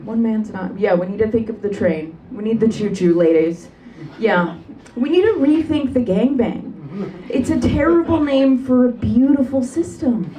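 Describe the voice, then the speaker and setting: A young woman doing a brash, deadpan stand-up comedy set in a club. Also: fairly high pitch, normal speed, background noise. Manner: deadpan, brash, sharp punchlines. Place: comedy club stage with live audience. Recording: distant live club recording with crowd.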